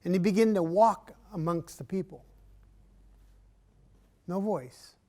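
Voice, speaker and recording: A man performing a traditional story in an arts center, measured and unhurried, with long pauses and often dropping to a soft voice. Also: high voice.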